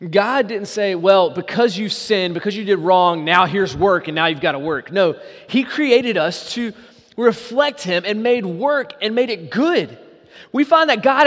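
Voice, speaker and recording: High-voiced preaching man in a hall. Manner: preaching with rising emphasis and repetition. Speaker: pastor. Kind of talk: sermon.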